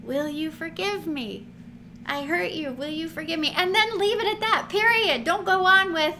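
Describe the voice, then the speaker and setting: A woman host giving a casual Bible teaching, chatty and animated, laughing often and acting out quotes. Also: extremely high pitch, a little slow. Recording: noticeable background noise.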